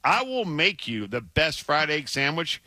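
A middle-aged man with a Southern American accent, co-hosting a sports radio talk show, emphatic and animated, often stammering and restarting. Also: a little high, a little slow, no echo. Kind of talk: casual sports radio banter.

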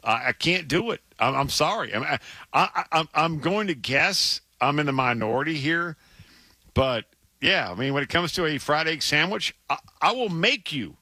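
A middle-aged man with a Southern American accent, co-hosting a sports radio talk show, emphatic and animated, often stammering and restarting. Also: on the high side, moderate pace, no echo. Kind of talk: casual sports radio banter.

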